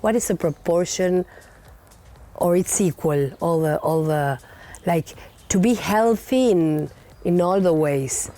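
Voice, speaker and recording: A woman's voice: on the low side, slow pace, dark tone. A woman host, a native Spanish speaker, asking questions in English and finishing her guest's sentences. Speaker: interview host. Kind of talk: casual interview.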